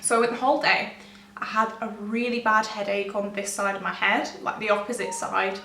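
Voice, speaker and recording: A woman's voice: mid-range voice, little pitch movement, moderate pace, gravelly, bright, forceful tone. A young woman, telling a personal story to camera in a rambling, self-interrupting way with nervous laughs. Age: young adult. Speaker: vlogger. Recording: echoey room, distant mic, faint hum.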